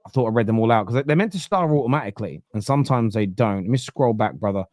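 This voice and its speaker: A man hosts a casual football talk show, arguing his case with emphasis and frequent restarts. His voice sits at a middling pitch and sounds close and dry, with no room around it. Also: expressive, fast, a little mellow, dry recording. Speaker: host. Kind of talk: casual football podcast debate.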